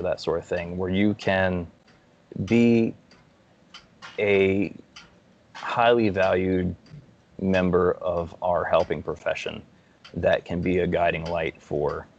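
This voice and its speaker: A man with a very low, gravelly voice speaks earnestly as a podcast guest. He talks in a casual, heartfelt way, often pausing on "um". The recording sounds slightly dull and lo-fi. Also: slight background noise. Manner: earnest, heartfelt praise with many "um"s. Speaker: guest, licensed counselor.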